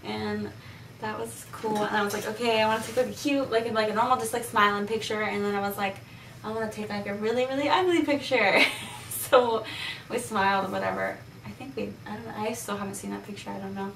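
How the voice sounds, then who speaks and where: A woman's voice: medium pitch, steady tone, a little fast, vocal fry, fairly bright tone, roomy sound, recorded from a distance, slight background noise, low-quality recording. A teenage girl vlogging in casual chat, giggly and rambling with lots of "like" fillers.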